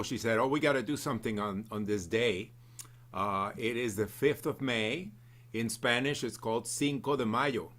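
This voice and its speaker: A man's voice: mid-range voice, a bit bright. A man appearing as a guest musician on an online show, explaining things and quizzing the audience in a friendly way with fillers.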